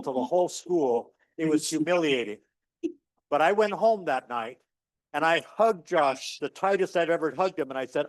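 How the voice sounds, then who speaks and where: A middle-aged man gives a university physics lecture in a lecture hall, his voice a little high for a man. He's an animated storyteller who acts out dialogue with rising pitch. The sound is dry and close with no room echo, like a lapel mic.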